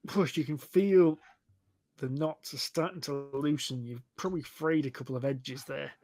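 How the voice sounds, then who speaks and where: A man with a slightly higher voice narrates a tabletop game as its master. His delivery is relaxed and halting, full of small fillers, as if thinking on the fly over a voice call.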